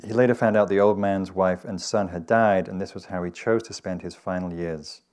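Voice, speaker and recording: A man from England giving a meditation dharma talk, telling stories in a gentle, conversational way. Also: sits low, fairly even intonation, moderate pace. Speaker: meditation teacher. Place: meditation hall with audience.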